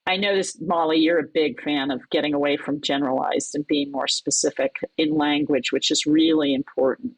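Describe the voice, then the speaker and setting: A woman with a low, husky voice speaks as a podcast guest, explaining cookbook writing in a lively, animated way. The sound is dry and close. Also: dry recording, low-quality recording. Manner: animated, lively storyteller with laughs. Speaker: guest, cookbook teacher and author. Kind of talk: conversational interview.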